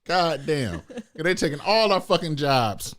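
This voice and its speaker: A man's voice: a little high, very animated, measured pace, fairly bright tone. Profane joking man podcast co-host. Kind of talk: casual chat.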